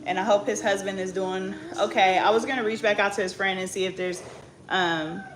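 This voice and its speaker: A young woman from the Bay Area chats casually to her viewers in a loose, slangy, joking way. Her voice sits at an ordinary middle pitch, with a steady hiss of background noise under the recording. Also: brisk. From Bay Area, California. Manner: loose, slangy and joking, with bursts of loud scolding. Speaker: vlogger. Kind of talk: casual chat.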